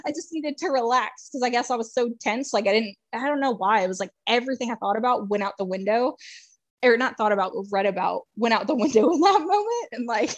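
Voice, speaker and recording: A woman's voice: on the high side, quick pace, no echo. Chatty woman telling a personal story. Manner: chatty, many "like" fillers, laughs often; emotional, swings between excited and hushed. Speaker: podcast guest.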